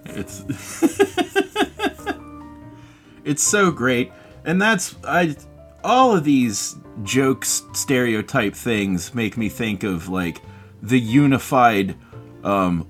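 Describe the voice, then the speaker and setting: A man from West Virginia co-hosting a podcast, agreeable and quick to laugh in casual chat. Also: lowish voice. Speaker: podcast co-host.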